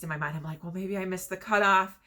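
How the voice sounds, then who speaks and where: A woman's voice: lowish voice, fairly even intonation, fast, bright, forceful tone. A young woman casually telling a personal story, chatty and laughing often between fillers. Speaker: vlogger telling her story.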